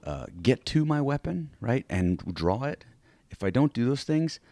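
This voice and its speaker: A man's voice: medium pitch, big pitch swings, normal speed, dark tone, dry recording. A man co-hosting a podcast in casual chat, talking animatedly with many restarts and "right?" tag questions, who teaches self-defense. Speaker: podcast co-host.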